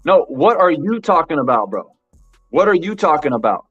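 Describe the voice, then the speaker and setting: A man's voice: a little high, very animated, moderate pace, a bit bright, husky. A man hosting a live-stream boxing commentary show, talking emphatically to his chat, repeating his points and saying "bro" a lot. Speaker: boxing commentary channel host. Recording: dull lo-fi with faint music.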